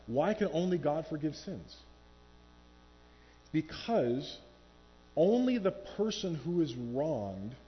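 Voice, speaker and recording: Male pastor preaching from a church stage, animated, slips into quoted voices, dull lo-fi sound with faint music behind. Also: fairly high pitch. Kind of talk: sermon.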